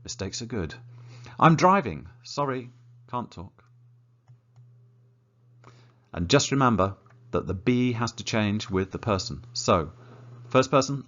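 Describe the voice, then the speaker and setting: A man teaching an English grammar lesson, encouraging and lively, slowing down to model example sentences. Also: on the low side, highs cut off.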